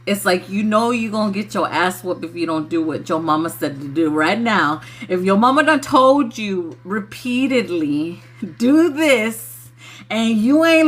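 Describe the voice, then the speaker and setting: A woman talks loosely to her livestream viewers, laughing often between thoughts. Her voice has a bright, forward edge. She takes her time and speaks at an unhurried pace. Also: medium pitch. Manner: laughs often, loose and chatty, says y'all. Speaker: spiritual channeler on a livestream. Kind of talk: casual livestream talk.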